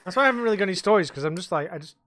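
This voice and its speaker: A man's voice: high-pitched, lively intonation, rapid-fire, a bit bright, dry recording. A man co-hosting a casual podcast, telling rambling, sweary stories from his bar work. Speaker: podcast co-host; bar worker.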